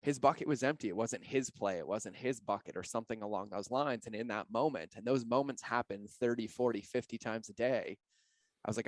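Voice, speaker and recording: A man with a fairly low voice talks candidly as a podcast guest, earnest and open about his own life. The sound is dry and close, with no room around him. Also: brisk, no echo. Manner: earnest and open, sharing personal stories with feeling. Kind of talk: candid interview talk.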